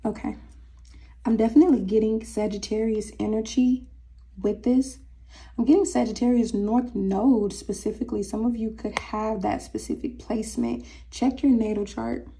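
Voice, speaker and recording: Woman tarot reader, dark gravelly tone, chatty and casual. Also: fairly high pitch, steady tone, normal speed. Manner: chatty, breaks into singing, talks to cat. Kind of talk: casual tarot reading to viewers.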